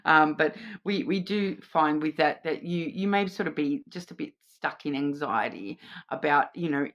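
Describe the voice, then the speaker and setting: A woman's voice: low-pitched, normal speed, highs cut off. A woman with an Australian accent, giving a casual, reassuring card reading to camera, chatty, with many fillers and restarts. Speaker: card reader.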